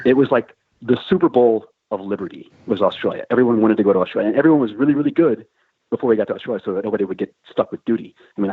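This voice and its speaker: A middle-aged man spins a crude, profane yarn in a casual podcast chat, acting out the people in his story. His voice sits low and a little husky. The sound is thin and boxy, like a phone line, with no room around it. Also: no echo. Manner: crude, profane, animated anecdote with quoted voices. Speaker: podcast host telling a war story. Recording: phone-like, narrow band, dry.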